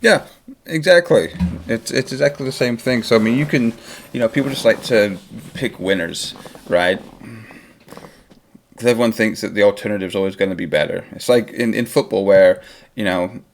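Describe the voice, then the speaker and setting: A man's voice: lowish voice, normal speed, vocal fry, a little hiss or hum. A man hosting a football watchalong stream, talking in a rambling, opinionated, casual way. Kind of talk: casual live-stream chat.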